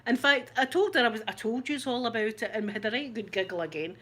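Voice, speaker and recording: A middle-aged Scottish woman, the host of her channel, telling a story in a casual chat, animated and laughing often. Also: fairly high pitch, fast talker.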